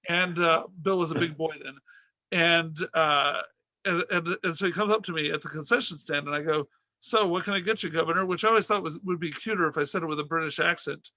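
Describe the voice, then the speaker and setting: A middle-aged man with a high, bright voice tells comic stories as a podcast host, rambling with restarts and acting out the people he quotes. The sound is close and dry, with no room around it. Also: fairly quick, no room sound. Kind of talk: casual comic storytelling.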